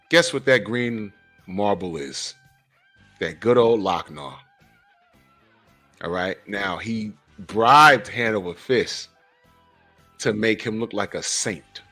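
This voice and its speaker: A man's voice: medium pitch, a bit bright. A man hosting a casual podcast, animatedly retelling a movie plot with sudden jumps in voice. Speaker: podcast host. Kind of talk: casual movie recap chat.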